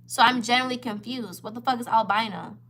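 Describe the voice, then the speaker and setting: Her voice slightly high, quick and somewhat bright, a twenty-something vlogger recounts a storytime to the camera. Upset and nearly in tears, she tells it heatedly, with profanity and lots of emphasis.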